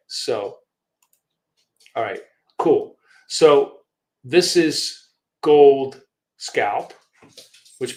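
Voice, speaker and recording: A man of ordinary pitch talks through his trades on a live screen-share. He rambles and thinks aloud, filling gaps with ums and restarting his sentences. He swears offhandedly now and then. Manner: swears casually. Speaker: trading show host.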